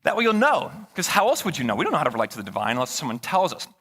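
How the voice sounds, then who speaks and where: A male pastor delivers a sermon in an easy, conversational way, trading jokes with the congregation. His voice sits a little high and is bright, with pitch that swings a lot. The sound carries the long reverb of a large church hall. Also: wildly swooping pitch, racing, slightly rough. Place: church sanctuary.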